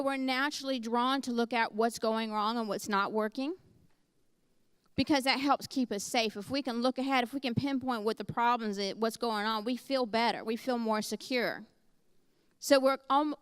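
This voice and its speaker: Middle-aged woman preacher, lively storytelling delivery, smooth voice on a dry close mic. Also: on the high side, no room sound. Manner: storytelling, animated and conversational. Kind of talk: sermon.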